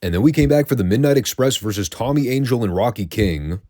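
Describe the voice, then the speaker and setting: A man's voice: medium pitch, expressive, quick pace, warm tone, no echo, studio quality. A man hosting a classic wrestling review show, recapping matches in a wry, sarcastic, casual tone and swearing freely.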